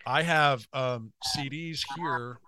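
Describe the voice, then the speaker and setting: A man's voice: medium pitch, takes it slowly, bright, forceful tone, slight background noise. A man in his forties hosting a podcast, chatting loosely with a guest, swearing freely and laughing often. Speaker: podcast host. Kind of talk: casual chat.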